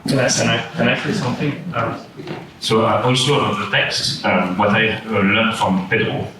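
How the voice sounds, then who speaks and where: A man, a singer speaking on a public panel, halting and searching for his words. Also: fairly low pitch, fairly even intonation, background noise. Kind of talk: roundtable discussion. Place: large room at a public panel. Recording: echoey room, mic far off.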